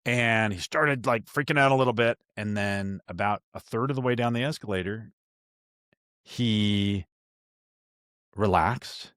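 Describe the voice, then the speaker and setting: A man's voice: lowish voice, unhurried, pauses often, a bit bright, clean tone, no room sound, studio quality. A man hosting a podcast, telling a story from his own parenting in a candid, self-reflective way with frequent restarts. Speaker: podcast host. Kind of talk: casual storytelling chat.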